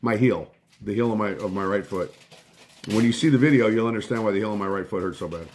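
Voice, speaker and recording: A man's voice: on the low side, fast, slight background noise. A middle-aged man hosting a casual live stream from home, telling a rambling story full of swearing and breaking off to thank viewers. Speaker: livestream host.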